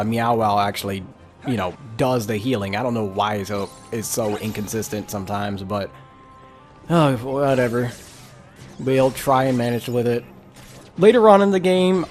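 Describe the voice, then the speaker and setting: A man giving casual, rambling gameplay commentary as a let's play YouTuber, frustrated and full of filler words. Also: mid-range voice.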